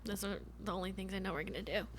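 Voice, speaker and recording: A woman co-hosting a podcast in casual chat, talking quickly to get her words out. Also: medium pitch, steady tone, husky. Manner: talks fast, rushes to get words out. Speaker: podcast co-host.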